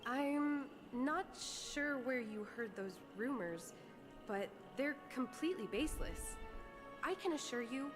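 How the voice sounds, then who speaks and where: A woman's voice: high-pitched, expressive. A woman voicing a cheerful, eager young festival staffer in a game, upbeat and reassuring, with game music behind. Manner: bright and upbeat, quick to reassure. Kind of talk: game voice acting.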